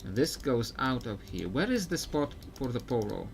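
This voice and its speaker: A man's voice: mid-range voice, very animated, moderate pace, gravelly. Chatty man thinking aloud while gaming. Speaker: streamer playing a video game. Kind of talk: live gameplay commentary.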